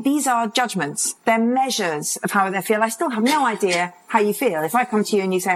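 A woman in her fifties, an expert on parenting and addiction, talks fast in a mid-range voice with hardly any pauses during a live interview on a conference stage. The recording is low quality, and she tells stories animatedly, acting out little quotes and laughing.

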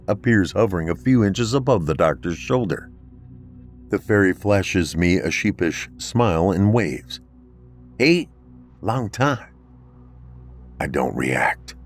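A man narrating a horror story in a dramatic, expressive way. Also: deep voice.

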